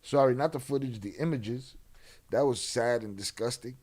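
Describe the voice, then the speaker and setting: A man's voice: medium pitch, moderate pace, a little mellow. A man hosting a casual livestream, talking bluntly and skeptically with a lot of swearing. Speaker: livestream host.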